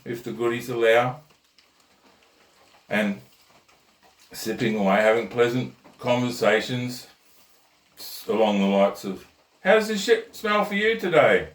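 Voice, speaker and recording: Hosting a session of comic ranting and joke telling, a man speaks in a mid-range, somewhat bright voice with a blunt, crude, conversational style. The sound is roomy and echoey, picked up by a distant mic.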